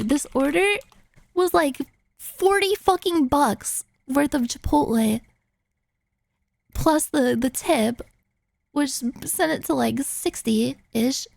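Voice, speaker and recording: A young woman streamer tells a story in casual chat, her voice pitched high with a gravelly fry running through it. She is animated and sweary, leans on fillers, and acts out the lines of the people in her story. She is close to the mic in a dry, dead-sounding space. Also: slow pace, no room sound.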